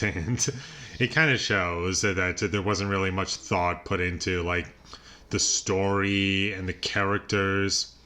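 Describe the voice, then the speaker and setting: Man, casual movie review, lowish voice, bright forceful tone, chatty with fillers. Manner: loose and chatty, heavy filler words, chuckles often. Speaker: film reviewer.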